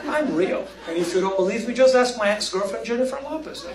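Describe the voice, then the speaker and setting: A man from Brazil with a Brazilian accent doing a deadpan, mock-boastful stand-up routine. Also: very high voice, brisk, over a noisy crowd. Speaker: stand-up comedian. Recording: echoey room with heavy noise.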